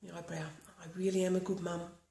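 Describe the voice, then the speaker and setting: A woman's voice: lowish voice, flat delivery, a little fast, creaky, warm tone, a little hiss or hum. Earnest woman leading a tapping session. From Australia. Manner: earnest, repetitive affirmations. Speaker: tapping practitioner. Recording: echoey room.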